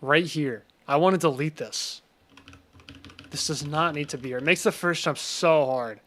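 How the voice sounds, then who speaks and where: A man's voice: a little high, normal speed, fairly bright tone. A young man casually commenting on his game during a live stream, chatty and reacting to chat, often breaking off mid-sentence. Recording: faint music behind.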